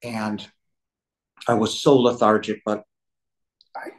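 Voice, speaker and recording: A middle-aged man, a podcast guest, telling a deeply personal story, emotional and near tears, his voice breaking with halting restarts. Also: flat delivery, reverberant, rough recording.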